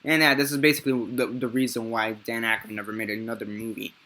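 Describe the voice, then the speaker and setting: A man's voice: mid-range voice, little pitch movement, fast, bright, forceful tone. A man giving a casual, unscripted movie review, rambling and swearing freely and often correcting himself mid-sentence. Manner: rambling and profane, with frequent self-corrections.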